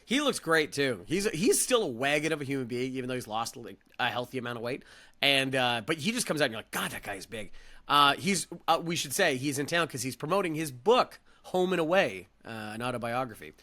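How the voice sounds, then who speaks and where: A man co-hosting a casual sports podcast, rambling with restarts and fillers in an animated way. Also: medium pitch, a little fast. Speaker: podcast co-host.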